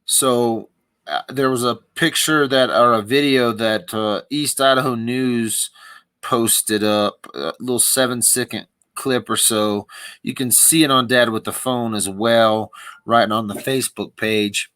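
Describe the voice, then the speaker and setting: A man's voice: mid-range voice, steady tone, unhurried, a bit bright, clear, resonant tone. Male livestream host, rambling and wry, close dry sound with no room echo. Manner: rambling, wry, thinking aloud. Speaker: livestream commentator. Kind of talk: casual live commentary.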